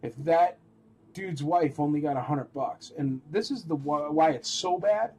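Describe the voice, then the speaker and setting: A man hosting a live-stream toy auction, chatting in a rambling, animated way and calling out bids. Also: on the high side, measured pace, slight background noise, poor audio.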